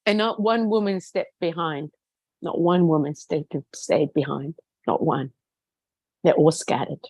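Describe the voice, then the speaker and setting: A woman's voice: low-pitched, steady tone, unhurried, darkish tone, husky, no room sound. Woman guest, earnest and emphatic testimony, leans on repeated words, dry close recording. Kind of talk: heartfelt personal testimony in a conversation.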